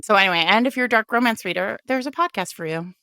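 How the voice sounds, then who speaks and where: A woman's voice: medium pitch, quick pace, sharp tone, no room sound, clean studio sound. A woman co-hosting a podcast in casual chat, playful and rambling. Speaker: podcast co-host.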